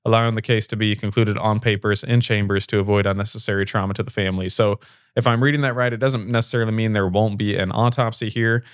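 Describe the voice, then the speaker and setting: A man's voice: on the low side, steady tone, fast talker, clear, resonant tone, no room sound, studio quality. A man hosting a local news show, reading stories and chatting casually with a rambling manner and many fillers. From Fayette area. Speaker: local news podcast host.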